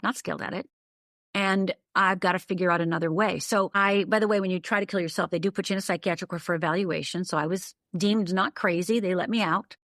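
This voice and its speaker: A woman's voice: medium pitch, fairly bright tone, dry recording, studio quality. An older woman from the northern United States telling a personal story as a podcast guest, vivid, detailed and emphatic. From Upper Michigan, USA.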